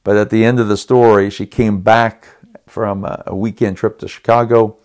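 A middle-aged man with a lowish voice tells a personal story on his podcast at a moderate pace. He's all worked up, giving an animated, dramatic retelling, restarting his sentences repeatedly and chuckling here and there.

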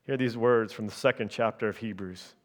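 Man preaching, emphatic and measured. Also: fairly low pitch. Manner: checks in with the congregation through repeated tag questions. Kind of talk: sermon.

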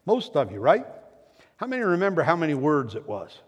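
A male pastor delivering a sermon, swinging between loud emphasis and hushed drops, and putting questions to his congregation. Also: a little high, huge pitch swings, a little fast, slightly rough. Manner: asks the congregation rhetorical questions. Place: church sanctuary. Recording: long church reverb.

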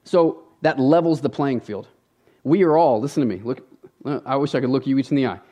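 A man's voice: mid-range voice, fairly quick, mellow, highs cut off. A man preaching a sermon from a church stage, talking in a conversational, emphatic way and often appealing straight to the congregation. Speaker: pastor.

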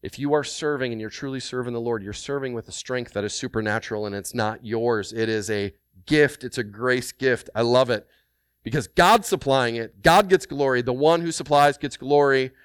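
A man preaching a sermon as pastor, emphatic and animated, repeating phrases and asking the congregation rhetorical questions. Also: mid-range voice, moderate pace, smooth, no room sound, studio quality.

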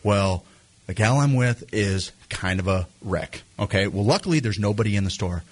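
A young man telling a rambling, animated story full of fillers on a talk show. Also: lowish voice, normal speed. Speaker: guest storyteller.

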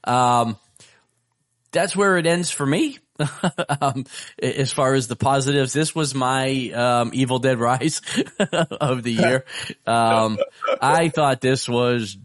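A man co-hosting a podcast, giving a hesitant review with many pauses. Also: mid-range voice, no room sound, studio quality. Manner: hesitant, lots of ums and restarts. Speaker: podcast co-host. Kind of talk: casual chat.

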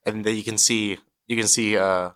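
A man as a podcast guest in casual chat, deadpan with dry short replies. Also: fairly low pitch, normal speed, dry recording.

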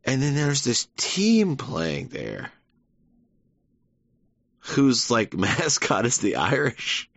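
A man's voice: mid-range voice, huge pitch swings, very slow, vocal fry, long pauses, no room sound, muffled recording. A man hosting a podcast, talking in a rambling, wry monologue and laughing often. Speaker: podcast host. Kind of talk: casual monologue.

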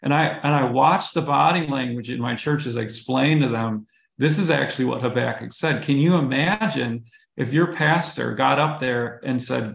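A man's voice: mid-range voice, moderate pace, creaky, roomy sound. A man, a pastor co-hosting a podcast, explaining a bible passage earnestly and stumbling over repeated words. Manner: earnest, explanatory, with frequent restarts. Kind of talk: bible study conversation.

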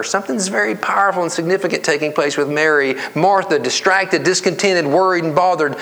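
A male pastor giving a conversational sermon that climbs to emphatic, high-pitched stress and drops to hushed whispers. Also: fairly quick, creaky, few pauses, a little hiss or hum. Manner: conversational preaching, rising to emphatic highs and dropping to whispers.

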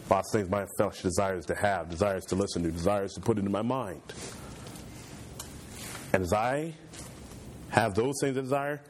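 A man preaching a sermon, building repetitive points with fervor and pushing his voice higher as he gets passionate. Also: normal speed, long pauses, a little hiss or hum. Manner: impassioned, voice climbs high when fervent.

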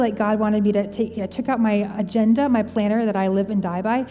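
A woman's voice: mid-range voice, steady tone, fairly quick, dark tone, soft background music. A woman in her thirties preaching a sermon in a conversational, earnest and personal way, as a pastor speaking to her congregation. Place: church auditorium. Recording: large hall with long reverb.

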